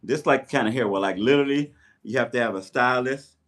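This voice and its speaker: A man chatting casually on a livestream while he takes down his hair, telling stories with lively quoted voices. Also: mid-range voice, brisk. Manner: chatty, animated storyteller with playful voices in quotes. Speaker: live streamer. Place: at home doing his hair. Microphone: tablet mic.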